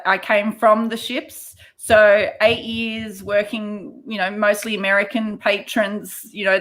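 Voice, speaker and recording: A woman's voice: medium pitch, fairly bright tone. A woman, a guest chatting casually about her casino work. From Australia. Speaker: podcast guest, casino surveillance worker. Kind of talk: casual interview chat.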